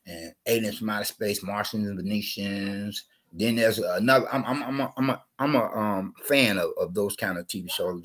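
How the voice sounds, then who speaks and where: Rambling guy with a husky voice and a cough, wanders off topic a lot. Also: medium pitch, a bit bright, rough recording. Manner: rambling, digressive, repeats himself. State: coughing, under the weather. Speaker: channel host. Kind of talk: rambling storytelling monologue.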